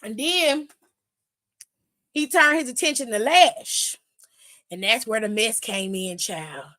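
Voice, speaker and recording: A woman host giving a sassy, animated wrestling recap full of slang and swearing. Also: fairly high pitch, slow pace. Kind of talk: casual recap commentary.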